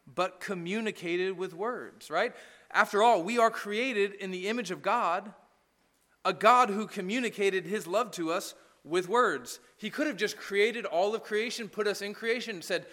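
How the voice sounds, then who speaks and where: A man's voice: high-pitched, pushed and bright, in a large hall. A man preaching a sermon as pastor, talking conversationally and tossing in frequent "right?" asides. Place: church.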